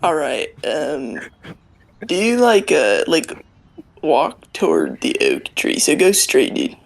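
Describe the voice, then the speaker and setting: Gravelly, sing-song laid-back man. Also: a little high, very animated, slow pace, low-quality recording. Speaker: player. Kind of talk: casual tabletop role-play.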